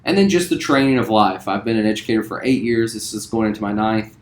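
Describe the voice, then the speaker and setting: A man in his forties from West Virginia, a theater teacher introducing himself to students in a relaxed, friendly way with lots of ums. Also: lowish voice, quick pace. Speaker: high school theater teacher. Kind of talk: recorded self-introduction to students. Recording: roomy echo.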